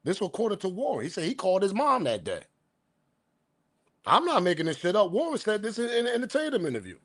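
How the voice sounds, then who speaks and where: A man hosting a casual online commentary, speaking bluntly in slang and addressing viewers directly in an animated way. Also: sits high, quick pace, no room sound, clean studio sound. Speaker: commentary host.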